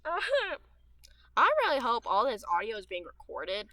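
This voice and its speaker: A woman's voice: fairly high pitch, huge pitch swings, a little slow, pushed and bright. A teenage girl chatting aimlessly while she plays a game, with a dry, sore throat and audible lip smacks between her rambling, restart-filled sentences. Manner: chatty and meandering, with frequent fillers and trailing restarts. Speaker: gaming streamer. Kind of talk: rambling gameplay chat.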